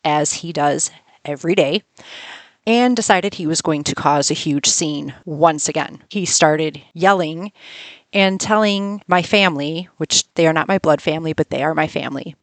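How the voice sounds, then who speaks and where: A woman's voice: deep voice, no echo. A woman hosting a podcast, telling a personal story in a frank, conversational way and reading text messages aloud. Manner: frank, conversational, swears freely. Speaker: podcast host.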